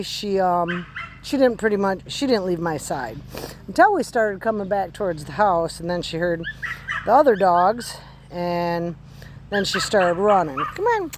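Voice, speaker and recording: A woman calmly explaining puppy recall training while walking outdoors on her rural property. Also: mid-range voice, background noise. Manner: calm, unhurried explaining. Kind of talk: casual instructional walk-and-talk.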